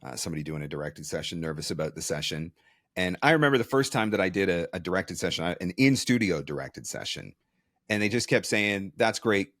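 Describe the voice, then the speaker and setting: Low-voiced man hosting an interview. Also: expressive, quick pace, fairly bright tone, no echo, clean studio sound. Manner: candid, self-deprecating storytelling. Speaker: podcast host. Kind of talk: conversational interview.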